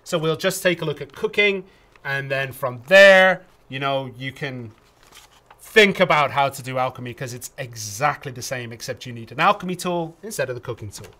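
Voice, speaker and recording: A man's voice: medium pitch, moderate pace, pushed and bright. A man from England co-hosting a casual livestream game tutorial, chatty with lots of ums and restarts. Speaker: community manager co-hosting a game tutorial stream.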